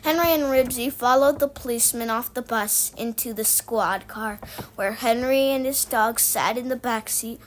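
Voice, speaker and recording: A woman reading a children's book aloud, lively and voicing the sound effects. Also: a little high, normal speed, poor audio. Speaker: reader.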